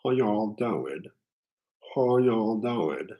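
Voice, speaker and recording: A man's voice: low-pitched, slow pace, a little mellow, breathy edge, heavily acted. Man putting on a drawling mock Southern greeting. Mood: playful. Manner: stretched-out, playful drawl.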